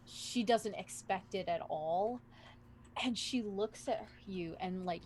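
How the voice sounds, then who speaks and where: A woman narrating as dungeon master of a tabletop game, casual, with slow narration between quick asides. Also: on the low side, a little mellow, a little hiss or hum.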